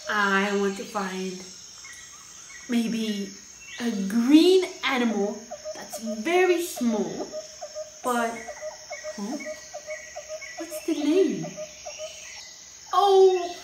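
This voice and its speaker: A woman's voice: fairly high pitch, expressive, drawn-out words, long pauses. A young woman teaching English to children in a playful, exaggerated sing-song way, asking coaxing questions. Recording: echoey room with loud background noise.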